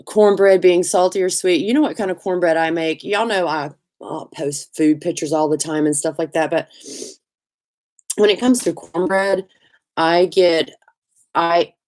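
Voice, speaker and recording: A middle-aged woman with a Southern US accent hosting a casual live chat, talkative and quick to laugh, greeting viewers by name. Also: lowish voice, steady tone, darkish tone. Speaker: livestream host.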